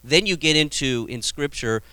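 Forceful, crisp-voiced pastor preaching. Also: male voice, a little high, animated, normal speed, dry recording. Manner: conversational preaching, acts out Bible scenes with humor; frequent restarts and repeated words. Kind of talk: sermon.

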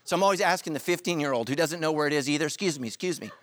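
A middle-aged pastor delivers a sermon in a rather high voice, racing along with no echo in the recording. He tells animated stories, cracks jokes, and acts out the quotes.

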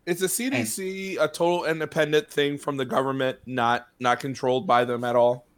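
A man's voice: medium pitch, little pitch movement, normal speed. A man co-hosting a podcast, chiming in with short agreements and casual remarks. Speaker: podcast co-host. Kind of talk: casual chat.

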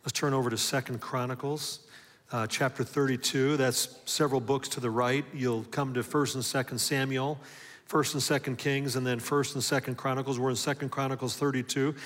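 A man preaching a sermon with emphatic call-and-response questions, swinging from loud, driving lines to hushed ones. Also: mid-range voice, fairly even intonation, normal speed, in a large hall. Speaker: pastor.

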